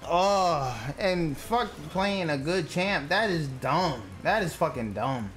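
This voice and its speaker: An irritated young streamer rants at his teammates with a lot of swearing. His voice sits a little high, and he talks at a slow, drawn-out pace. Faint music plays behind him. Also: lively intonation, fairly bright tone. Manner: irritated, profane ranting at teammates. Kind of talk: live gameplay commentary.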